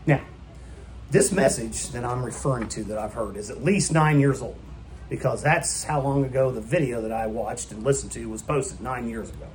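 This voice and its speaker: A man's voice: medium pitch, moderate pace, a little hiss or hum. A man preaching a sermon in a church, emphatic and full of rhetorical questions put to the congregation. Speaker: pastor.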